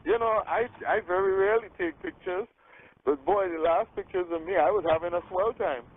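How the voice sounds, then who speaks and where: A man leading a group call as a sales coach, giving an energetic motivational talk, checking in with "okay?" and acting out phone conversations. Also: high-pitched, fairly quick. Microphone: telephone. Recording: tinny phone line.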